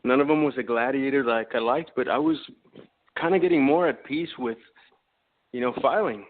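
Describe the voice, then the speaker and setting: Caller: man from Texas, mid-pitched voice, calm and a little hesitant, thin phone-line sound. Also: normal speed.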